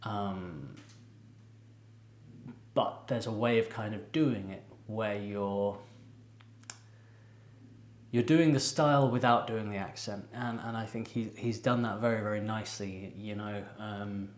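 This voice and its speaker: A man's voice: on the low side, steady tone, slow pace, pauses often. A man hosting a music reaction video, talking casually and digressively and speaking straight to his viewers. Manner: chatty, digressive, addresses viewers directly. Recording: echoey room.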